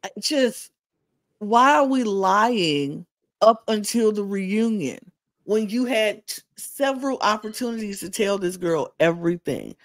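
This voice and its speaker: A co-host recapping reality TV in loose, animated chat, audibly incredulous and repeating key lines for emphasis. The pitch sits mid-range. The home video-call mic is dry, with no room sound. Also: a little slow, dry recording. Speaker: podcast co-host.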